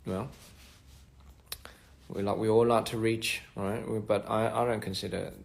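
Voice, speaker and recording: Gravelly-voiced man chatting on a livestream. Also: on the low side, little pitch movement. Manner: halting, many restarts and fillers, switching between English and Korean. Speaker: musician hosting a livestream. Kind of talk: casual livestream chat reading fan comments. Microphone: phone livestream.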